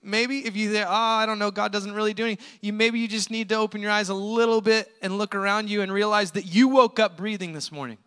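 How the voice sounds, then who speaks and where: A male pastor delivers a storytelling sermon with a high, bright, forceful tone. He talks casually and emphatically, tossing in quick asides. His voice rings with the long reverb of a large hall.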